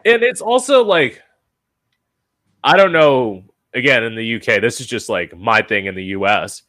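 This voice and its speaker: A man's voice: mid-range voice, normal speed. Gossipy male host, filler-heavy chat. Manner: gossipy, animated storytelling with many fillers. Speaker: interview host. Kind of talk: casual interview chat.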